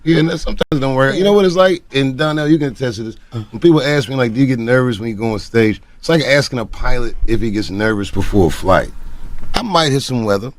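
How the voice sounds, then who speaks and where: A man's voice: mid-range voice, fast. A man guesting on a talk show, chatting in a laid-back, rambling way. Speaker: comedian guest. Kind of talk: casual talk-show conversation. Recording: loud background noise.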